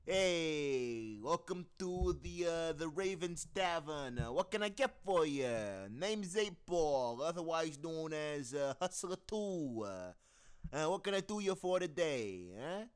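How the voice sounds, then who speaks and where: A friendly Italian mobster mercenary, as a man puts him on for a mech game. He schmoozes loudly in a slightly raised voice and drawls his words slowly. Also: a little high, lively intonation, clean tone, pitched above the performer's own voice. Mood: schmoozing. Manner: loud, breezy, schmoozing.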